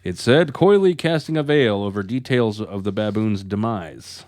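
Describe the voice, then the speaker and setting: A man's voice: lowish voice, animated, normal speed, darkish tone, dry recording. Man reading news stories, dry sound. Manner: reads stories aloud, breaking into laughs.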